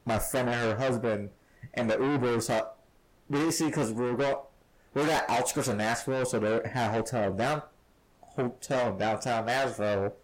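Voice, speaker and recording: A man's voice: mid-range voice, moderate pace, slight background noise. A man hosting a podcast, telling rambling stories in casual chat and laughing often. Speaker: podcast host. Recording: poor sound quality.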